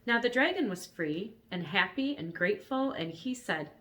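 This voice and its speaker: A woman reading a children's storybook aloud in a calm, even narrating voice. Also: mid-range voice, normal speed, hardly any pauses. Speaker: reader.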